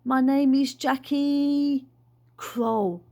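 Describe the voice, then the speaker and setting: A woman voicing an excitable, dreamy dad who believes he is a birdman, talking in an eager, breathless way. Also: takes it slowly, heavily acted. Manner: eager, breathless, high and loud.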